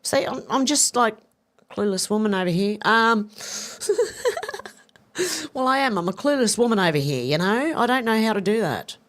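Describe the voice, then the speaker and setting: A woman's voice: a little high, expressive, normal speed, pauses often, fairly bright tone. A woman hosting a casual live stream, chatty and self-deprecating, reading viewer comments aloud and answering them with frequent laughter. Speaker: livestream news host reading viewer comments.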